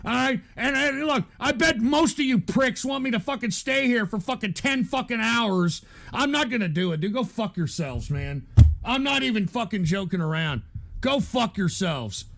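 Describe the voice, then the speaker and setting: A man's voice: extremely high pitch, animated, normal speed, gravelly, fairly bright tone. A man hosting a show, ranting angrily at his chat in a profane, stammering way, with frequent restarts. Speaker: show host. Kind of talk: angry rant at chat.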